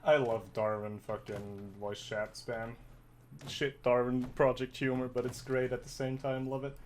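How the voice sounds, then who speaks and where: A man's voice: medium pitch, level tone, measured pace. A man giving casual, rambling gameplay commentary, swearing freely and poking fun at himself while slightly out of breath. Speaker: gamer and streamer.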